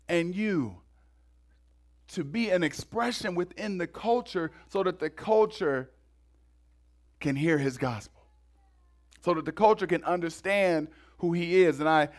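A man preaching a sermon in a lively, conversational way, often repeating words as he goes. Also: high voice. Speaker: pastor.

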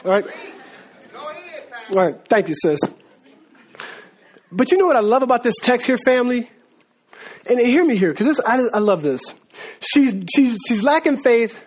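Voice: medium pitch, expressive, moderate pace, long pauses. A preacher delivering a sermon in casual, slangy talk, repeating words and laughing as asides.

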